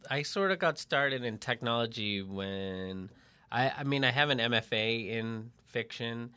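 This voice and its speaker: A man's voice: mid-range voice, a little slow, bright, forceful tone, clean tone. A man from Massachusetts, a podcast guest, chatting casually and rambling with fillers and restarts. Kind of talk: casual chat. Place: barn studio at home.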